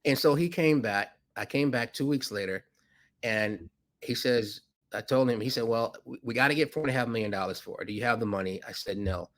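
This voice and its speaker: A man, a podcast guest who is a financier, telling a story with animated delivery and acting out voices in it. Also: fairly quick. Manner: acts out dialogue with rising pitch, laughs often.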